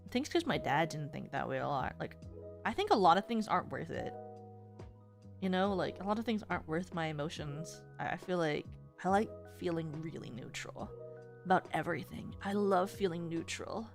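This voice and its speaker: A woman's voice: lowish voice, animated, moderate pace, creaky, soft background music. A woman streamer chatting casually to her viewers in a rambling way, with many filler words.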